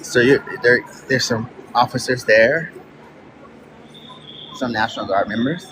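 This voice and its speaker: A man's voice: mid-range voice, a little slow. A man from Texas with a Texan accent, casually chatting while touring and reading an inscription aloud, stumbling over words now and then. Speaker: vlogger. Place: outdoors at a public monument. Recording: outdoor ambient noise.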